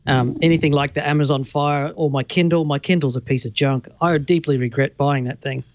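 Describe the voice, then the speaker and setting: A man's voice: a little high, fairly even intonation, a little fast, muffled recording. A man from the United Kingdom, a guest panelist, explaining things in a blunt way over a remote call. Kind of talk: tech panel discussion.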